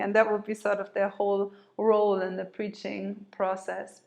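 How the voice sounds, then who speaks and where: A woman tells a story in an easy, conversational way, often pausing on fillers and restarting her sentences. Her voice sits in a middle pitch. She is recorded in a room with a noticeable echo. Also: level tone, vocal fry, a little mellow. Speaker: yoga teacher. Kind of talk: informal storytelling talk. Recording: echoey room.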